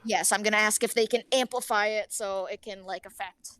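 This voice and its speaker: Young woman playing d&d, casual and giggly, mid pitch. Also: steady tone, brisk, a bit bright, no echo. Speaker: player. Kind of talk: casual tabletop game play.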